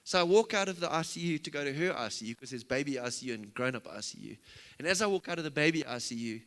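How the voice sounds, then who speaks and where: A middle-aged man, a pastor telling a personal testimony in a sermon, swinging from loud to hushed. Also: a little high, expressive, fast. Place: large church hall. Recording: long church-hall reverb.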